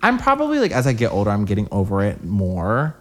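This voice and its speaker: A man's voice: on the low side, wildly swooping pitch, fast talker, a loud crowd. A young man co-hosting a podcast in casual chat, full of "like" fillers and offhand swearing. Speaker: podcast co-host.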